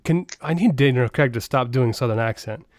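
An American man hosts a casual podcast chat at a mid-range pitch, tripping over the start of his sentences and laughing easily. His voice is recorded dry and close, with no room sound. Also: a little fast, no room sound. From United States. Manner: animated, laughs often, stammers at starts. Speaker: podcast host.

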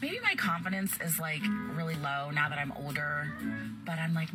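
A woman in her forties speaks in a lively, swooping voice, musing on her own single life in a rambling, self-deprecating way. Her voice sits over loud background music in a played clip. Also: deep voice, moderate pace. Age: 40s. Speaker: woman posting a video about dating. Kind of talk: confessional monologue to camera.

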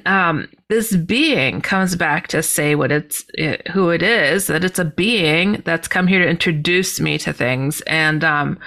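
Bright-voiced woman telling a story. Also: lowish voice. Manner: animated, acts out quoted voices, many fillers. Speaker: podcast guest. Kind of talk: storytelling in an interview.

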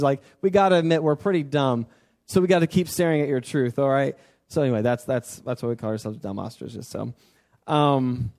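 A man with a somewhat high voice preaches a sermon. His delivery is animated and conversational, and he slips into God's words as if chatting. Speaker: pastor.

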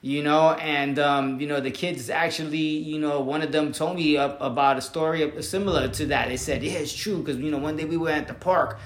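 Relaxed middle-aged man, roomy sound. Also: on the high side, a little fast, hardly any pauses. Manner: relaxed, frequent "you know" fillers. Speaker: former teacher and assistant principal. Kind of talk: casual conversational storytelling. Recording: roomy echo.

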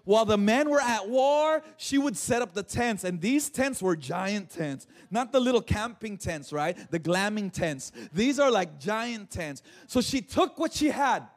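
A man with an exceptionally high voice for a male speaker delivers a lively sermon. He tells the scripture story with animated asides and jokes. He calls out to his congregation for responses. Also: a little slow, few pauses. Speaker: pastor.

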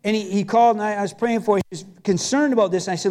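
A man's voice: high voice, fairly even intonation, rapid-fire, darkish tone. A man preaching a sermon as pastor, telling a personal story in a conversational, emphatic way.

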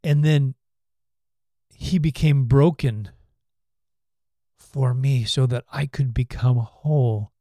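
A man's voice: mid-range voice, takes it slowly, pauses often, mellow, dry recording, studio quality. A man co-hosting a faith podcast, talking earnestly and acting out little quotes with laughs. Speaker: podcast co-host.

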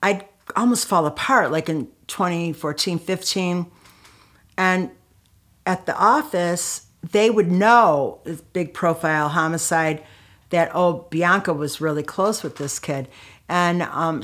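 A middle-aged woman speaks as an interview guest, her voice sitting slightly low. She tells her own story candidly and with feeling. She leans on fillers and often restarts her sentences. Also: a bit bright. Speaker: guest, author and anti-violence activist. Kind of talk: conversational storytelling.

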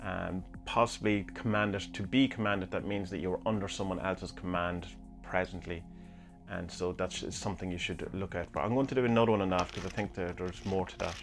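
A man's voice: low voice, fairly even intonation, brisk, creaky, over music. A man hosting a podcast, musing aloud through listener questions in a rambling way with many hesitations. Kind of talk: casual chat reading omens from books.

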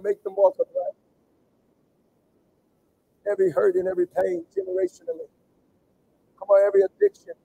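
A man pastor leading an impassioned sermon prayer, with a fervent, repetitive preaching cadence that swings from shouts to hushed pleading. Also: sits high, gravelly, husky, low-quality recording.

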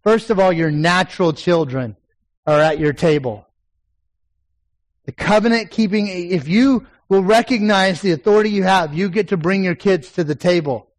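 High-pitched preacher guy in his 40s, casual storytelling sermon, gets emphatic. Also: moderate pace, low-quality recording. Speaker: pastor. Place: church sanctuary with a congregation.

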